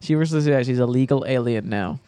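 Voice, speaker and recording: A man's voice: medium pitch, fairly quick, dark tone, clear, resonant tone, no room sound. A man co-hosting a podcast, trading irreverent wisecracks in casual chat.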